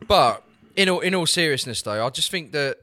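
Bright-voiced man arguing his case. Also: fairly high pitch, expressive, fairly quick, dry recording. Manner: argumentative, jokey. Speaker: regular podcast pundit. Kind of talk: casual chat.

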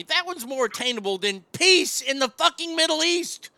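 A man's voice: extremely high pitch, animated, normal speed, creaky, sharp tone, no echo. A man hosting a radio talk show, telling crude comic stories with acted voices in a brash, riffing way from a studio mic.

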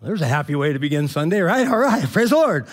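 A man's voice: on the high side, very animated, fast. A man, a pastor, preaching a casual sermon and retelling scripture in loose, slangy, chatty language with many restarts.

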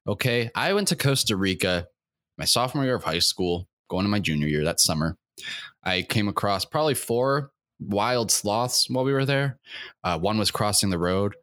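A man's voice: on the low side, animated, moderate pace, fairly bright tone, no echo, clean studio sound. A young man hosting a comedic rant, rambling with many fillers, crude and profane, getting worked up as he goes. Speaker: podcast host.

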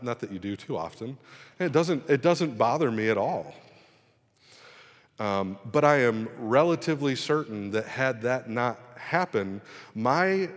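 A middle-aged man preaching to a congregation and spinning a self-deprecating story from his own life. His voice sits at an ordinary pitch and rises with energy at the high points of the tale. The sound carries a long reverb, as in a big church hall. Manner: storytelling, self-deprecating, animated when retelling. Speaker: pastor. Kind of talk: sermon.

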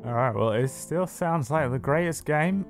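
A man's voice: on the high side, lively intonation, moderate pace, faint music behind. A man hosting a live stream as dungeon master, chatting casually in a teasing, rambling way.

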